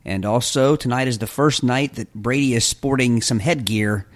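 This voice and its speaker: A man's voice: medium pitch, moderate pace. A man co-hosting a casual podcast, teasing his friends and chuckling often. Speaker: podcast co-host. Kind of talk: casual chat.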